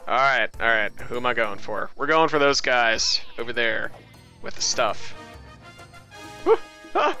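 Man, slow drawl, bright tone, animated let's-play chatter. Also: mid-range voice, smooth, faint music behind. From Canada. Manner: laid-back, exclaims at shots. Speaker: gamer. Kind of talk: casual let's-play chat.

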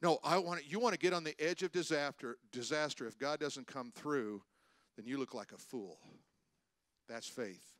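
An older man preaching a sermon as pastor, animated, with loud rises for emphasis and calls out to the congregation. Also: on the high side, normal speed, no echo. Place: church stage.

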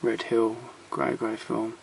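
Showing off his film collection, a man walks through his home shelves in a loose, unscripted ramble, blunt and opinionated and cursing without hesitation. His mid-pitched voice is gravelly and creaky, with a level tone and slow pace. He frequently stops and trails off between titles, a faint hiss beneath the handheld camera's sound.

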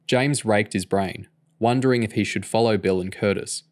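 A man narrating a novel aloud in a steady, measured storytelling voice. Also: fairly low pitch. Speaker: audiobook reader.

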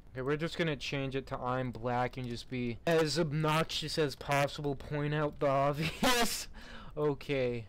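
A man's voice: medium pitch, a little slow, a bit bright, smooth. A young man giving casual, sarcastic commentary while playing a game, mocking what he sees and laughing in bursts. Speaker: gamer.

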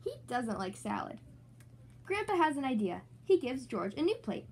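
Upbeat young woman, read-aloud storytelling, animated melody, high voice. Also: moderate pace, vocal fry, husky. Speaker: children's book reader.

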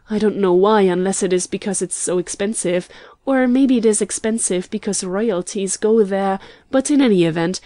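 A woman reading the part of an eager, lovestruck young gentleman painter in an audiobook, his words tumbling out excitedly. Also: mid-range voice, no echo, close to an everyday voice. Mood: explaining.

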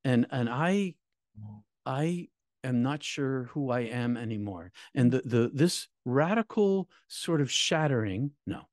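A middle-aged man and minister recounting his near-death experience in an emotional, halting way, repeating words, his voice climbing high at painful moments. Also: lively intonation, no echo, studio quality. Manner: halting, repeats words, voice rising high when reliving pain. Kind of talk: emotional personal storytelling.

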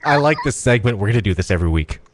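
A man hosting a casual chat, quick and playful, often restarting his sentences. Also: fairly low pitch, animated, background noise. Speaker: show host.

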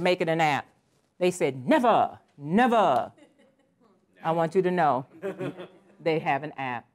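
A woman in her sixties giving a lively, playful conference presentation with exclamations and asides. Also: fairly low pitch. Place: conference session room.

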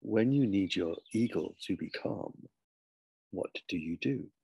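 A solemn, unyielding schoolboy speaking low and measured, as a man puts him on in a storybook reading. His voice is quiet and husky with a gravelly grain. The sound is dry and close. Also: lively intonation, no room sound, highs cut off, exaggerated voice. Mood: stubborn.

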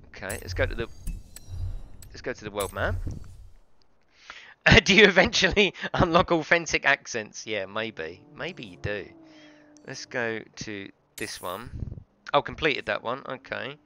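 A man's voice: mid-range voice, pushed and bright. A man streaming a racing game live, chatty and sweary, greeting viewers in chat and laughing often. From United Kingdom. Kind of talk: live gameplay stream commentary. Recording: game sound and noise behind voice. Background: racing game audio.

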